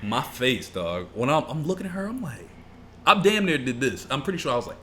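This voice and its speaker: A man co-hosting a podcast, telling a work story in casual chat, animated and profane, laughing often. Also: mid-range voice, a little fast, a little hiss or hum. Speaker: podcast co-host.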